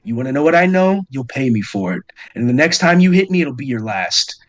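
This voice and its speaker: A man's voice: mid-range voice, big pitch swings, a little fast, faint music behind, natural voice, poor audio. A man voicing a smug, menacing male gang boss who carries a gun, with a sneering, threatening delivery.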